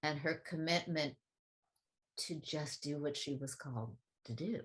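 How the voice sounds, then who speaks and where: A woman speaking in a relaxed conversational way, telling a reflective personal story and acting out other people's voices when she quotes them. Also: deep voice, unhurried. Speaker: guest speaker on spiritual teaching.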